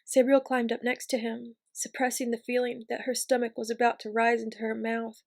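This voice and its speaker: A woman reading a novel aloud in a measured, steady way. Her voice sits a little high and moves within a narrow, level range. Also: vocal fry. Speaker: reader. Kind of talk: audiobook reading.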